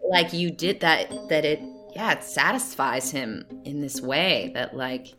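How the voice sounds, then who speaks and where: A woman in her forties, an actor guest in a casual interview, talking loosely with fillers and soft laughs. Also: sits low, expressive, a little slow, music in the background.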